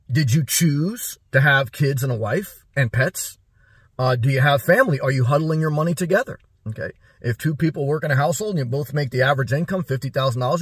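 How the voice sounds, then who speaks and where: A middle-aged man with a husky, slightly high voice delivers a preachy advice monologue to camera. He asks question after question and repeats his points. The sound is dry and close. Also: fairly bright tone, dry recording. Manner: preachy, rapid rhetorical questions, repeats himself. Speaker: vlogger.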